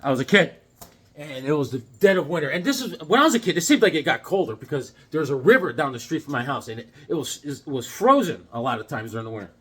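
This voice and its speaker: A man's voice: fairly high pitch, very animated, quick pace, a bit bright, slightly rough. A middle-aged man in a casual vlog, telling a childhood story between comics, full of fillers and restarts. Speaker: comic book collector. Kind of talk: casual show-and-tell vlog.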